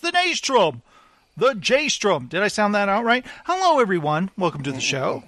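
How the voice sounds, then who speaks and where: A man hosting a pop culture podcast, rambling in a goofy, excitable way. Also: sits high, moderate pace, dry recording. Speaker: podcast host. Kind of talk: casual podcast chat.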